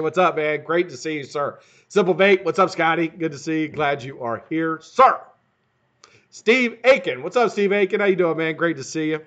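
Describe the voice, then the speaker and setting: A man hosts a casual live stream, his voice pitched fairly high and swinging widely as he greets his viewers. He swears freely and calls everyone man or brother, and his voice sounds a little hoarse. The audio is dull and lo-fi. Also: a bit bright. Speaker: livestream host.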